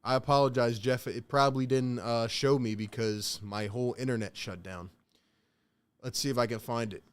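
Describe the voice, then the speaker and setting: Smooth-voiced man calling a game live. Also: medium pitch, steady tone, moderate pace. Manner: slangy, talks straight to the chat. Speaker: live stream play-by-play host. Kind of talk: casual live play-by-play and reaction.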